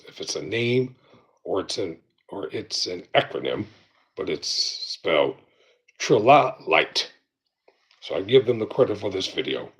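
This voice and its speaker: A man hosting his own show, talking in a slow, deliberate, preaching style with pauses. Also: fairly low pitch. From United States. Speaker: show host. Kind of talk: monologue commentary.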